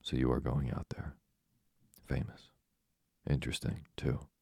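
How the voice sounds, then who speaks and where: A man's voice: rumbling low, level tone, a little slow, creaky, a little mellow, slightly rough, no room sound, clean studio sound, full character voice. A man reading an audiobook, voicing an eccentric old doctor who speaks in a mumbling, matter-of-fact, imperturbable way. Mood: dry, probing. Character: eccentric old male French doctor, calm, probing.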